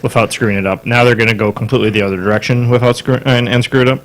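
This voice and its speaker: A man co-hosting a casual podcast, making sarcastic deadpan quips. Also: mid-range voice, very fast. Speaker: podcast co-host. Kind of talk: casual chat.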